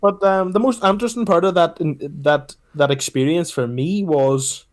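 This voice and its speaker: A young Irish man with a fairly high voice chats eagerly on a casual podcast. He talks in an animated way and often restarts his sentences. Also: moderate pace. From Ireland. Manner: animated, chatty, with hesitant restarts. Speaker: podcast co-host. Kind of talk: casual chat.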